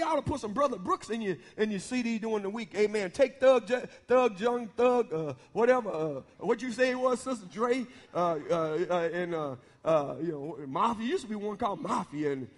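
A man preaching a sermon in a church, bantering with the congregation and building to loud preaching. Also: high voice. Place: church sanctuary. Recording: long reverb of a church hall.

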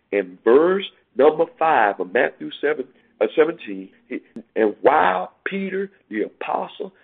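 Male preacher, emphatic sermon delivery, raspy and tinny. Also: fairly high pitch. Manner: preaching with rising, emphatic climbs and quoting scripture. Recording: tinny phone-like sound.

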